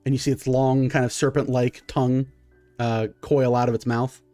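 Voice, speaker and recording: A man's voice: mid-range voice, level tone, normal speed, dark tone, no room sound, faint music behind. A man narrating a tabletop game as game master, in a loose, filler-heavy way.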